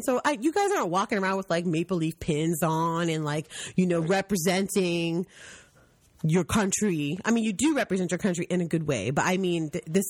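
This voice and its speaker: A woman hosting a casual podcast, her low-leaning voice swooping up and down as she rants bluntly and swears freely. The sound is close and dry, with no room around it. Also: no echo. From United States. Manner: blunt, profane, animated storytelling with mocking voices. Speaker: podcast host. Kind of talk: casual chat.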